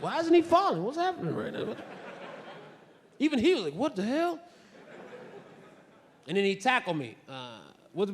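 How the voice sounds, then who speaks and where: Male stand-up comic, rambling self-mocking stories, high voice, long hall reverb. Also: fairly bright tone. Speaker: stand-up comedian. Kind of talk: stand-up comedy storytelling. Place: theater stage before a live audience. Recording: live theater recording with hall reverb.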